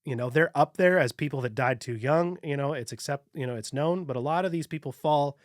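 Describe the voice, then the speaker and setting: A man's voice: fairly high pitch, a little fast, no echo, studio quality. A man hosting a casual podcast, reading his research notes aloud and joking between points.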